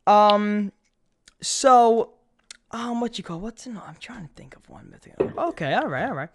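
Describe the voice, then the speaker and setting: A man's voice: sits high, animated, unhurried. A man from New York telling a rambling, profane story in casual chat, with many restarts.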